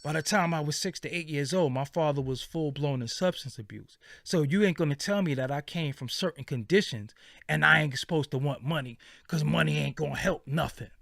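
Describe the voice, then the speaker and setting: Brief: middle-aged male vlogger, heated and emphatic, a bit high-pitched, dry close sound. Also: brisk, creaky, a bit bright, no echo. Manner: heated, profane and emphatic, repeating phrases for stress. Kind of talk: impassioned rant to viewers.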